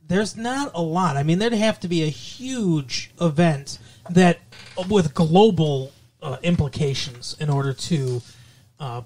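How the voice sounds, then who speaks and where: Halting, sarcastic podcast co-host man. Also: a little high, a little mellow. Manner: halting, stop-start phrasing with many fillers; dry, sarcastic humor. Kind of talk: casual podcast chat.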